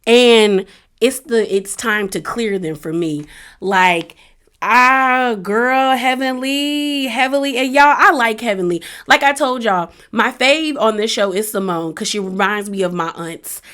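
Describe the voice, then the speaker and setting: A woman's voice: mid-range voice, a little slow, fairly bright tone. A woman hosting a casual review of a reality show episode, chatty and laughing often as she acts out what the cast said. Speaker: reality TV recap host.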